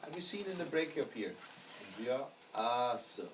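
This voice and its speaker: Man teacher, mid-pitched, patient and explanatory with students, recorded a bit far off with faint noise behind. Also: animated, unhurried. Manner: patient, explanatory, often checks understanding. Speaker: astrology teacher. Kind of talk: classroom lecture. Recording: distant mic with faint background noise.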